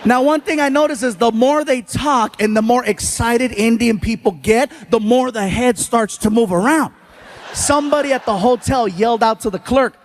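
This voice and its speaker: A male stand-up comedian with a notably high voice, telling animated stories. He talks straight to the crowd and gives his jokes a lively, playful bounce. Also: normal speed.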